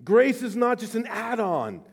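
A middle-aged male pastor preaching a sermon with passion, swinging from loud declarations to hushed, slow phrases. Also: very high voice, sing-song. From Southern California.

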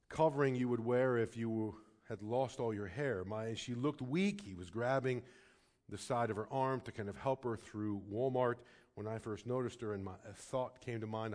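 A man preaching a sermon as pastor, telling a personal story with emphatic stretches and soft, hushed passages, sometimes stammering and restarting. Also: mid-range voice.

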